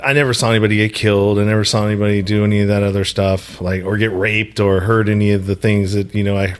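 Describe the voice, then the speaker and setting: Low-voiced podcast host, blunt and casual. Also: male voice, fast, clean tone. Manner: relaxed, blunt, swears casually. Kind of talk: casual conversation. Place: hotel room makeshift studio.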